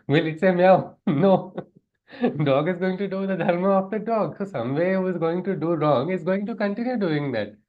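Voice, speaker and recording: A man's voice: high voice, animated, normal speed, narrow, tinny audio. A man teaching a class on scripture, in a conversational way, often putting questions to his listeners and chuckling. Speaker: spiritual teacher. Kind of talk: lecture on scripture.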